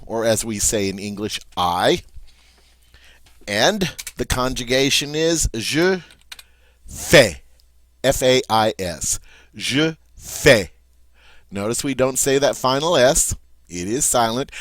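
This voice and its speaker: A man's voice: medium pitch, dry recording. A man teaching French grammar, patiently spelling out verb forms letter by letter. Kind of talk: recorded grammar lesson.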